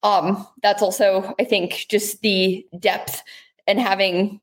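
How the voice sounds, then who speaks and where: A woman's voice: medium pitch, little pitch movement, takes it slowly. A young adult woman, a guest athlete, giving modest, hesitant answers in a casual interview.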